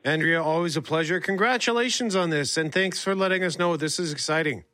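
A man's voice: a little high, a little fast, pushed and bright, dry recording. A man hosting a live radio show, introducing a guest with an upbeat broadcaster delivery. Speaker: radio host.

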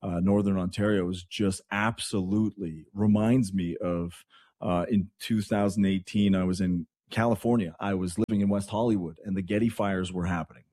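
A man from Canada hosting morning radio, talking in a chatty, rambling way with excitable asides. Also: low voice, normal speed, no echo, clean studio sound. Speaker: radio host.

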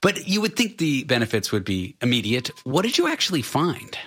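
A man's voice: mid-range voice, huge pitch swings, a little fast, fairly bright tone, breathy edge. A man hosting an interview, asking curious questions with a light touch of sarcasm. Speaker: host. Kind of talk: conversational interview.

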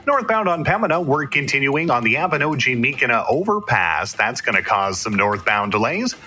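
A man reading a radio traffic report briskly. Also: mid-range voice, sharp tone.

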